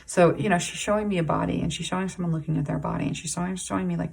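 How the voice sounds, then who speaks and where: Low gravelly-voiced woman reading tarot. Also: fairly even intonation. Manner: halting and rambling, full of "like" and restarts; emotionally intense, pausing to sigh and breathe. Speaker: tarot reader. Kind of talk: intuitive tarot reading to camera.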